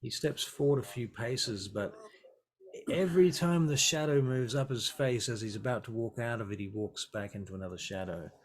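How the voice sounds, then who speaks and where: A man running a tabletop role-playing game as game master, describing scenes in a relaxed way with frequent ums and pauses. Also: mid-range voice.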